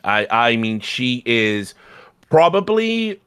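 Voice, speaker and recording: A man's voice: medium pitch, sing-song, slow, fairly bright tone, smooth. A man co-hosting a film podcast, talking casually with frequent hesitations and restarts. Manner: hesitant, with many fillers and restarts. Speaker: podcast co-host.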